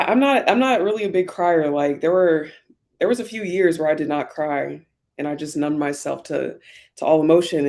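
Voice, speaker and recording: Woman, vlogger, candid reflective chat, frequent fillers, emotional, near tears at times. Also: deep voice. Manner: reflective, soft-spoken, many fillers. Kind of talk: candid get-ready-with-me talk.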